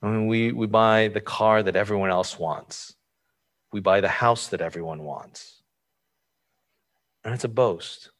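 A man's voice: fairly low pitch, steady tone, unhurried, pauses often, fairly bright tone. A man preaching a conversational sermon, informal and explanatory, often asking rhetorical questions. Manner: informal, asks rhetorical questions, frequent fillers.

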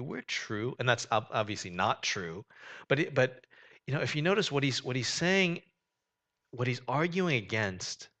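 Man, pastor, bright voice, animated sermon, joking asides. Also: mid-range voice.

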